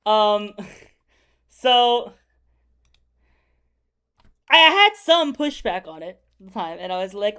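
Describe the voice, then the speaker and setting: A young man telling a story in a casual, rambling way while drawing, swearing often and getting loud and excited in parts. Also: high voice, slow pace, long pauses, smooth. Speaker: video creator.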